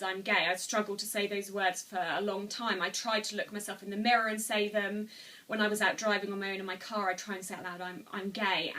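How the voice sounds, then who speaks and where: A vlogger in her twenties sits in a room at home, telling a personal story to camera in an earnest, rambling way with many restarts. Her mid-range voice sounds pushed and bright, picked up by a distant mic.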